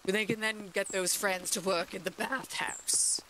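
A woman's voice: mid-range voice, fairly even intonation, fairly bright tone, a little hiss or hum, lightly acted, rough recording. A woman putting on a haughty imperious duchess. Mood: stately. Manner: pompous, imperious, slow and drawn out. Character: haughty aristocratic duchess ordering her servant about.

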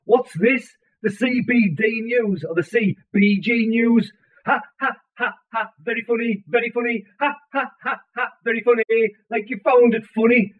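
A man doing a squeaky sarcastic heckler, tinny sound. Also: moderate pace. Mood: mocking. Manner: sarcastic, mocking laughter.

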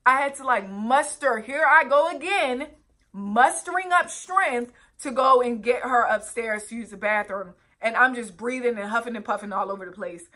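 Bright-voiced young woman telling her story. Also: a little high, normal speed. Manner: earnest, vivid retelling with direct asides to viewers. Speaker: vlogger. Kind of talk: storytime vlog, recounting a personal ordeal.

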